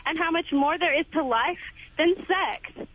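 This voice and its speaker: A high-pitched woman scolds and lectures as a radio caller. Her voice comes over a thin, phone-like line. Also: unhurried.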